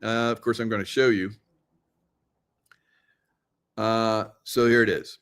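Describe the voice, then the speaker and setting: A man's voice: fairly low pitch, little pitch movement, slow pace, a bit bright, clear, resonant tone. A middle-aged man hosting a live chat to viewers, rambling and conspiratorial, laughing often as he talks. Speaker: livestream host. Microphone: computer mic, screen sharing.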